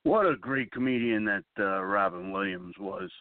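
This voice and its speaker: A middle-aged man from East Haven hosting a talk show, speaking haltingly and somberly with many pauses. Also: lowish voice, no echo. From East Haven, Connecticut. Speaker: show host. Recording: tinny phone-line sound.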